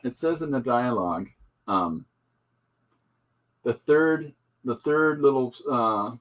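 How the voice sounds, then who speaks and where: Taking it slowly, the comic artist speaks in an expressive, medium-pitched voice as he hosts his show. He displays his artwork while rambling casually, joking and dropping in plenty of fillers and asides.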